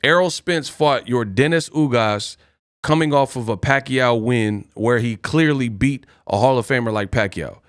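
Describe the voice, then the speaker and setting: Man, boastful live stream rant, combative, mid pitch, dry close sound. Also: moderate pace, no room sound. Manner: boastful, combative, repeats taunts at chat. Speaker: boxing live stream host.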